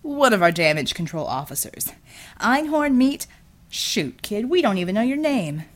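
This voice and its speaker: A woman's voice: medium pitch, very animated, normal speed, natural voice. A woman voicing a cocky, scheming male superhero who talks with brash, teasing salesman patter. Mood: smooth salesman.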